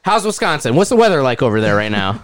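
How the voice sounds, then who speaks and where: Brief: male co-host, mid-pitched, hugely swinging intonation, jokey banter. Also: fast talker, no room sound. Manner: joking, wildly animated intonation. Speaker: podcast co-host. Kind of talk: casual chat.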